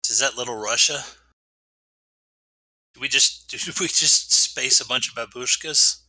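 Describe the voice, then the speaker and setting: Bright, husky joking male player. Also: mid-range voice, unhurried. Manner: wry, joking asides. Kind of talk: casual tabletop game chat.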